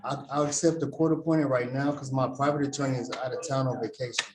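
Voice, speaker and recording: A man's voice: medium pitch, steady tone, a crowd in the background. A man appearing as a defendant in court, pleading and interrupting the judge. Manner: pleading, interrupts, talks fast and urgently.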